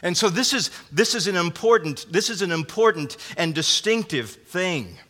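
A man's voice: high-pitched, lively intonation, normal speed, sharp tone. A man preaching a sermon as pastor, earnest and emphatic, often restarting his phrases. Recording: long hall reverb.

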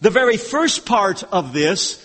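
A man's voice: sits high, big pitch swings, unhurried, pushed and bright, in a large hall. A man preaching an expository sermon, earnest and emphatic, often repeating words as he restarts a thought.

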